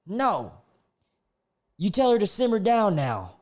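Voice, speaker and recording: A man voicing an erratic, defiant woman passenger in a high, loud, indignant voice. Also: wildly swooping pitch, slow, heavily acted.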